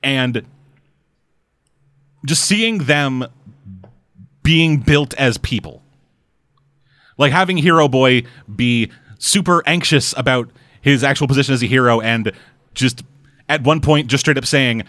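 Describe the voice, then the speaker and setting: A man co-hosts a loose chat and talks with an animated, swearing energy. He slips into quick mock voices as he goes. The sound is dry and close, with no room around him. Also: mid-range voice, no echo. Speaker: podcast co-host. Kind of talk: casual chat.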